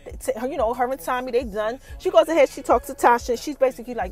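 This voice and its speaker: A woman hosting a podcast, giving a casual, slangy recap of a TV episode with teasing, animated build-ups. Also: sits high, fast, hardly any pauses, faint music behind. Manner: slangy, conversational storytelling. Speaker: podcast host.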